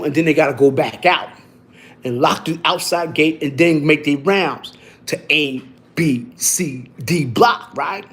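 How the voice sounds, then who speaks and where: High-pitched male storyteller, loose and profane, full of restarts. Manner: animated, profane street talk with many restarts and repeats. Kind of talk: casual storytelling to camera.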